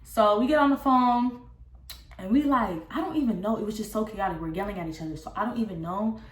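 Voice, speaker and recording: A young woman telling a casual storytime vlog, recounting a falling-out in a candid, profane and animated way. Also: mid-range voice, fairly quick. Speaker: vlogger. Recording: roomy echo.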